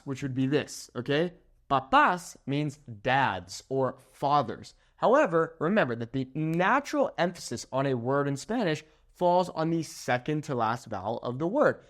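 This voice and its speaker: Upbeat young male language teacher, a native English speaker, speaking slightly high with lots of melodic rise and fall. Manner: upbeat, slows down to spell out words, checks in with "okay?". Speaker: Spanish teacher. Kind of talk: energetic language lesson.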